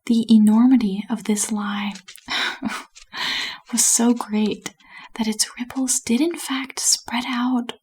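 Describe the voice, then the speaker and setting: A woman reading a bedtime story aloud as a whispered role-play, soft and unhurried. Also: on the high side, fairly even intonation, slight background noise.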